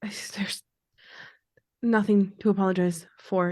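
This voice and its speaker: A woman playing her character in a tabletop role-playing game, speaking calmly and earnestly with small restarts. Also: mid-range voice, measured pace, no echo, clean studio sound. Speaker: player.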